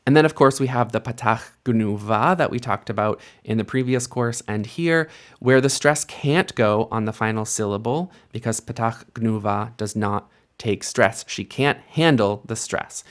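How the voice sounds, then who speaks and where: A man's voice: medium pitch, moderate pace. A man teaching a recorded grammar lesson, explaining patiently and sounding out example words with careful stress. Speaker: Hebrew teacher.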